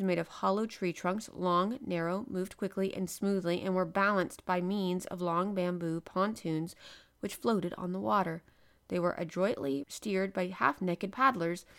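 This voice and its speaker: Woman reading an adventure novel aloud, measured and expressive, slows down on key bits. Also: lowish voice, gravelly. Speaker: audiobook narrator. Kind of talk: scripted narration of a novel.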